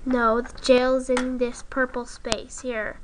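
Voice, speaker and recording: A woman's voice: high voice, level tone, slow pace, slight background noise, low-quality recording. Girl doing a stern teacher in a toy skit. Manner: stern, scolding. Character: strict adult female teacher refereeing a game. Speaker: voicing toy figures. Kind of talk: toy skit role-play.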